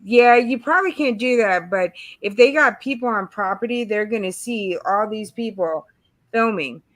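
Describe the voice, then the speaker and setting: A woman's voice: medium pitch, normal speed, no room sound. A woman hosting a casual livestream chat, rambling and filling her talk with "you know". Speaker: channel host.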